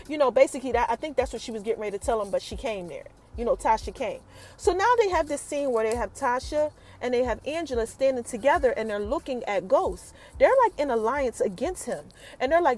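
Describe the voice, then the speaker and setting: A woman hosting a podcast, recapping a TV episode in an animated, chatty way and talking straight to her listeners. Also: high voice, brisk, faint music behind. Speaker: podcast host.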